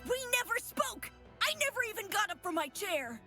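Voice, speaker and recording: A woman's voice: sing-song, moderate pace, bright, forceful tone, faint music behind, full character voice. An actress playing a defensive, panicky young girl accused in a trial. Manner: shrill, agitated, accusing.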